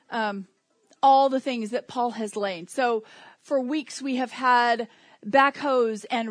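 A woman's voice: on the high side, dry recording. A woman preaching a sermon in a conversational way, with humor and asides.

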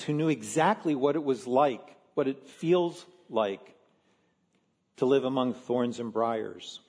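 A man, a pastor from Philadelphia, preaching a sermon in an earnest, measured way with slow emphatic stresses. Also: medium pitch, darkish tone, big-room sound.

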